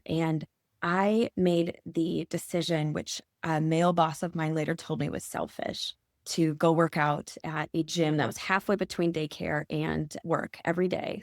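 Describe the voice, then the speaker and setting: A woman's voice: on the low side, vocal fry, no room sound, studio quality. A woman in her forties from Michigan, a podcast guest telling an earnest, emotional personal story. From Michigan, USA.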